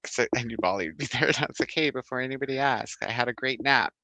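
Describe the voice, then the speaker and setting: A man's voice: medium pitch, fast, bright, forceful tone, dry recording. A man hosting a book club livestream, chatting casually, rambling, laughing often and reading out viewer comments.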